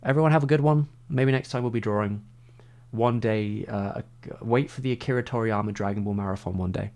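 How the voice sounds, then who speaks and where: A man's voice: on the low side, brisk, a little mellow. A man chatting casually on a livestream, rambling and saying "like" constantly. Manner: rambling, heavy use of "like".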